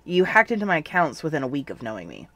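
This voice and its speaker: A narrator voicing a smug, deadpan young male genius who teases dryly, in a fan fiction audiobook reading. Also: a little high, quick pace, dry recording, exaggerated voice. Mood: teasing. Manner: teasing, dry.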